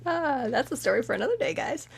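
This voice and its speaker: A podcast co-host with a fairly high voice retells a film in casual chat at a normal speed. She's animated, acting out the characters' lines in funny voices.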